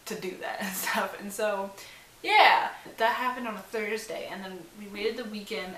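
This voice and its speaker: A woman's voice: medium pitch, bright, forceful tone. A young woman telling a story to camera in casual, rambling vlog style, full of fillers and swearing. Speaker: vlogger. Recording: roomy sound with faint hiss.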